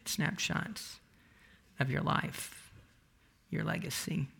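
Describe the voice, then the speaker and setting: A male pastor with a high voice preaches in a chatty, lively storytelling manner. His tone is bright and forward, and he often stops mid-sentence to restart. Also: takes it slowly, gravelly, husky. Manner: conversational, animated storytelling with many restarts. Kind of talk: sermon.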